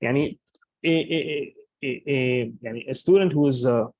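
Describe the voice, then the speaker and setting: Fast-talking man teaching grammar. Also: mid-range voice, a little mellow, dry recording, highs cut off. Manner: explains in English, recites Arabic quickly, many fillers and restarts. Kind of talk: recorded lesson explaining grammar.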